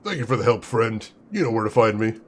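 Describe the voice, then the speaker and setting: A man voicing a grieving male friend of a murder victim in a video game, speaking softly and earnestly. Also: lowish voice, animated, quick pace, voice pushed down. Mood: sad.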